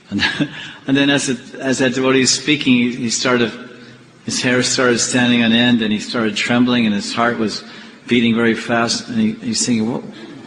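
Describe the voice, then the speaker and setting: A swami giving a devotional class, telling temple stories and acting out the characters' voices. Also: male voice, medium pitch, normal speed. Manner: animated storyteller acting out the characters' lines. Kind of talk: devotional storytelling lecture. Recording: echoey hall with faint noise.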